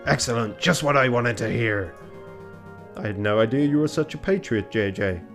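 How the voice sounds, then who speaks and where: A stern male bird police inspector from a game, read out by a man. He speaks briskly and gives orders without warmth. The voice stays close to an everyday man's pitch. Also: faint music behind, close to an everyday voice. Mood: commanding.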